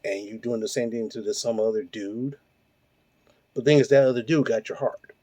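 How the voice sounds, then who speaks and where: A man in his forties hosts and rants through a profanity-filled, heated monologue full of rhetorical questions. He speaks at a normal speed with a medium-pitched voice that is warm and mellow, lacking much brightness. The sound is dry and close, with no echo from the room.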